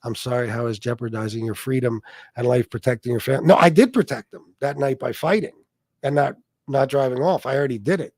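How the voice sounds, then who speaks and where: A man holds forth on a casual livestream, swearing freely and telling stories in a blunt, streetwise way. His voice sits at an ordinary middle pitch. The sound is dry and close, with no room echo. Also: darkish tone. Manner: blunt, profane, storytelling. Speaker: livestream host reading chat.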